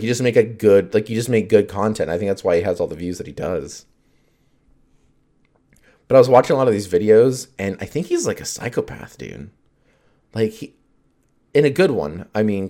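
A man's voice: lowish voice, warm tone. A man hosting his own podcast, rambling in casual chat, full of fillers and swearing and laughing often.

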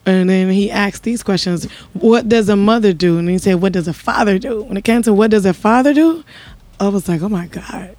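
A woman sits in as a guest on a conversational show, telling personal stories and slipping into quoted voices as she goes. Her voice sits at an everyday pitch, and the recording is dry and close, with no room around it. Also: brisk, no echo. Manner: animated storyteller, acts out quotes. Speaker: podcast guest, married singer. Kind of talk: casual conversation.

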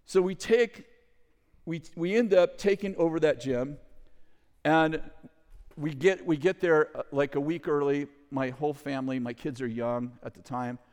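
A middle-aged man telling a story to an audience in a lively way, with loud bursts, acted quotes and chuckling asides. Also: a little high, unhurried, smooth. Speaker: ministry leader telling a story. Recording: long hall reverb.

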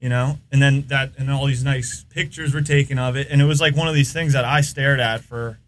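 A little fast and fairly even in intonation, the mid-range voice belongs to an American man guesting on a podcast. In casual chat he tells long, rambling stories heavy with fillers.

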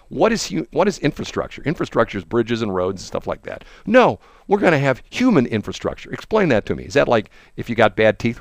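A man's voice: no echo, clean studio sound. A man in casual political chat, mocking and laughing often as he tells a story. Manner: chatty, mocking, laughs often, mimics people in high voices. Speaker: co-host.

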